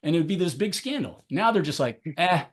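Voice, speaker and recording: A man coaching high jump, chatting as a podcast guest, telling animated stories and acting out the people he quotes, often laughing as he talks. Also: brisk. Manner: laughs often while talking. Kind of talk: casual podcast chat.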